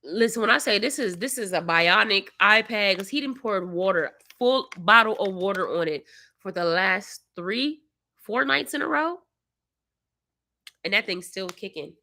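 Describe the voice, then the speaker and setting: A tired, congested young woman, casually telling a story to her livestream viewers. She acts out the people she quotes and sometimes bursts out loudly. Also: mid-range voice, normal speed. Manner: animated storyteller, acts out quotes, sudden loud outbursts. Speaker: vlogger, mother of young kids.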